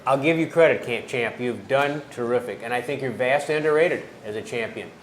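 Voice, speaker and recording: A man interviewing wrestlers for a wrestling TV show, asking measured questions. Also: mid-range voice, a little hiss or hum. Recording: echoey room.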